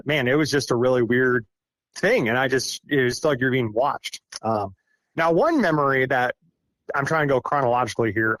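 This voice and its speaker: A man's voice: medium pitch, a bit bright, no echo. Rambling man from Iowa telling stories. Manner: rambling, halting restarts with frequent laughs. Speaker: podcast guest, forestry contractor. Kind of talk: casual storytelling interview.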